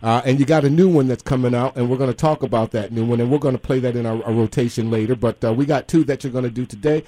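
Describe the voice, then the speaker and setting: A man's voice: medium pitch, fast talker, dark tone, no room sound. A male radio host with a mid-range voice talks casually and encouragingly. The studio sound is dry and close.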